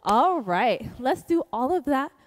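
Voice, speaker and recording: A woman leading an upbeat dance class, calling counts and moves with high energy. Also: takes it slowly, no room sound, clean studio sound. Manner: energetic, calls counts and moves over music. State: breathing heavily. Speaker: dance instructor. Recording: music playing underneath. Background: loud dance music.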